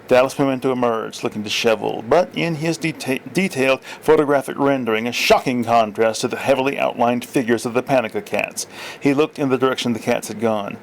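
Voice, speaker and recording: A man's voice: mid-range voice, a little hiss or hum, low-quality recording. A man reading his own fiction aloud, plainly, with small slips and corrections.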